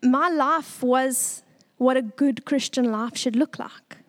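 A young woman giving an earnest, tearful church testimony, pausing often. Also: high voice.

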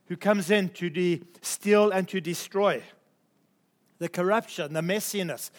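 A man with a notably high-pitched voice preaching a morning sermon. He talks emphatically, repeats key phrases and slows right down to stress the scripture he quotes.

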